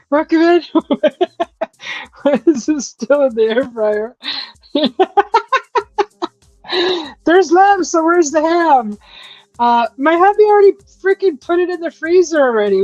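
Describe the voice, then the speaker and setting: Slow, laughing woman host. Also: sits high, a little mellow, no echo, muffled recording. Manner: chatty, laughs often, teasing. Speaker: host of a live chat stream. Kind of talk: casual live-stream chat reading viewer comments.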